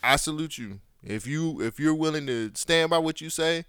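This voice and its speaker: A man's voice: fairly high pitch, moderate pace, fairly bright tone, smooth, no echo, studio quality. A man co-hosting a podcast in casual chat, laid-back, repeating words and reading news stories aloud. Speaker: podcast co-host.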